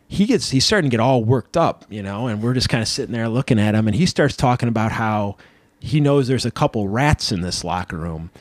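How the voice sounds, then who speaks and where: A man who wrestles, a guest on an interview show, telling stories in a casual, animated, rambling way, full of "like" and "you know". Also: fairly low pitch, no echo.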